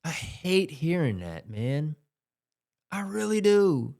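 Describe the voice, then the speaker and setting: Slow, lively-toned man reacting casually. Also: a little high, gravelly, noisy background. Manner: exasperated, rambling with many fillers. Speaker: host.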